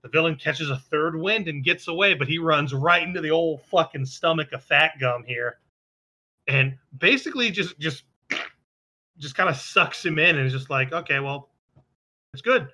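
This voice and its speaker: A man with a very bright, forceful voice, talking a little higher than most men. He recaps episodes in loose, rambling chat full of restarts and swearing. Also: moderate pace. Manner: rambling, profane, quotes characters in passing. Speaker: podcast co-host recapping an anime. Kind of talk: casual chat.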